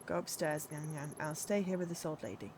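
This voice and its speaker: A woman's voice: deep voice, a little fast, noisy background, close to an everyday voice. A woman reading the lines of a kindly, patient, middle-aged father in a story game, with her own plain voice. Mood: gentle.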